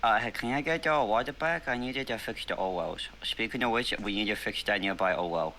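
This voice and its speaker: Blunt, bright-voiced man player. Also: on the low side, fairly quick, slight background noise, low-quality recording. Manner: sarcastic, blunt, swears. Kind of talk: casual game table chat.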